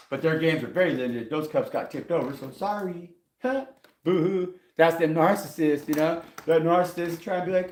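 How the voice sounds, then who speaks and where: A man giving a casual live tarot reading, profane, rambling and excitable, talking from a table. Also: fairly high pitch, a little hiss or hum. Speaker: tarot reader on a live stream. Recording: echoey room.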